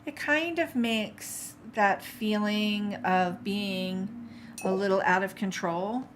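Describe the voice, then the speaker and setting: A woman's voice: medium pitch, slow, slight background noise. A middle-aged woman teaching a live watercolor paint-along, chatty and encouraging, reading out viewer comments as she paints. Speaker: art instructor.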